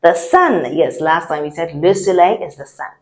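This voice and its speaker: A woman teaching a French lesson, saying each word slowly and repeating it for learners to copy. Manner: slow, deliberate, repeats each word with lively pitch. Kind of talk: language lesson with repeat-after-me drills.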